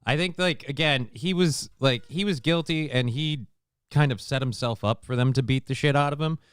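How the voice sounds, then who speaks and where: A man's voice: medium pitch, moderate pace, smooth, dry recording. A man co-hosting a morning talk show, dropping dry, wry quips. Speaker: show co-host. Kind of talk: casual podcast commentary.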